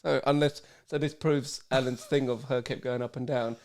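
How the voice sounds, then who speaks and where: A man's voice: mid-range voice, fairly even intonation, moderate pace, a little mellow. A young man co-hosting a podcast, telling rambling, sweary stories in casual banter and laughing often. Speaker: podcast co-host.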